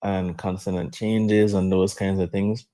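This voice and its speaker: Very low voice, mellow tone, thoughtful explaining, casual chat. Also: flat delivery, a little slow.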